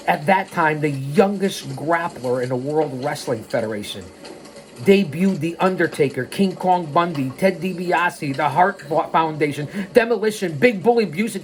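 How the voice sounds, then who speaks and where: A male host narrating a story in the first person. He is animated and drifts into tangents and plugs before getting back on track. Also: fairly high pitch.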